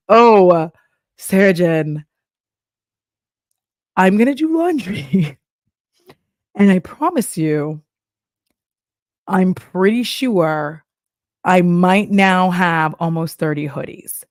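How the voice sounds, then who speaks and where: A woman's voice: on the low side, animated, drawn-out words, pauses often, no room sound, clean studio sound. A young adult woman from Texas, chatting casually on a live stream, laughing often and acting out little voices. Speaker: streamer reacting to a video.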